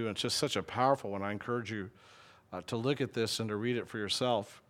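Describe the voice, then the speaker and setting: A middle-aged man with a Southern US accent, a pastor preaching a conversational, folksy sermon and asking the congregation questions. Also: medium pitch.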